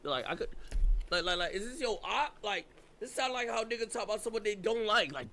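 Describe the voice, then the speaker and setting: A man's voice: sits high, lively intonation, fairly quick, bright, forceful tone, a little hiss or hum. A man hosting a casual reaction chat, incredulous and slangy, often laughing in disbelief. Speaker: podcast host reacting to clips.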